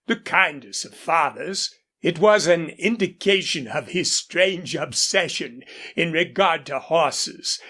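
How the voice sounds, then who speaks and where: A woman narrating an audiobook in measured scripted narration. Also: deep voice, a bit bright, slightly rough.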